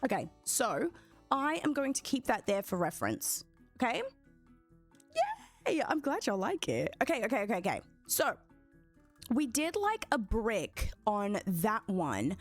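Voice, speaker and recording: A young woman chatting excitedly with her viewers while streaming a building game. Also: a little high, unhurried, soft background music. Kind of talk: casual live-stream commentary.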